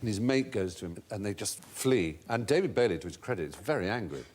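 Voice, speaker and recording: Lively storytelling man hosting a quiz. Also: on the low side, fast talker, slight background noise. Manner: animated anecdotal, puts on voices for quotes. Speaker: quiz show host. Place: TV studio before an audience.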